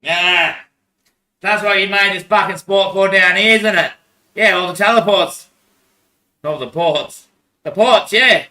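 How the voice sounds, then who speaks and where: A man's voice: high-pitched, measured pace, pauses often, sharp tone. An Australian man in a rambling casual monologue, swearing a lot and laughing between phrases. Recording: echoey room, voice far from mic.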